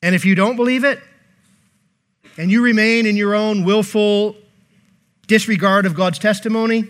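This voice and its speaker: A male pastor preaching a sermon in an emphatic, animated way, with joking asides. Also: high-pitched, normal speed.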